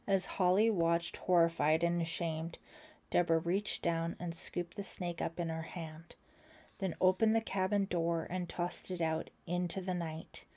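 Audiobook narrator, female, lowish mellow voice, whispers tense passages. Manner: voices characters, drops to a whisper for tense moments. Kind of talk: scripted narration.

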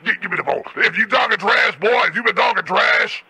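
Brash junkyard loudmouth, gravelly and bright, trash-talks nonstop, a man doing the voice; tinny phone prank call. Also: sits high, animated, brisk, no echo, heavily acted. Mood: belligerent. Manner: trash-talking, insult-slinging, repetitive. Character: brash junkyard owner from Georgia, trash-talking.

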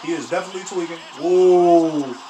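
A man hosting a sports reaction video, talking in casual slang, laughing often and breaking into loud exclamations. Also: a little high, normal speed. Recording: echoey room, mic at a distance, faint background hiss.

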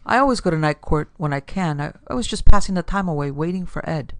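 A woman's voice: low voice, expressive, fast talker, no room sound, studio quality. A woman voicing an anxious, hesitant middle-aged gambler. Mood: worried. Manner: worried, hesitant.

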